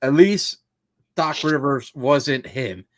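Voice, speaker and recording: A man's voice: medium pitch, slow, no echo, studio quality. A man co-hosting a casual sports podcast, ranting in a frustrated, profane, rambling way. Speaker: podcast co-host.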